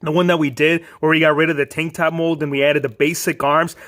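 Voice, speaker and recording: A man hosting a casual toy collector vlog, talking excitably in slang and calling viewers bro and man. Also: a little high, a little fast. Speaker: toy collector channel host.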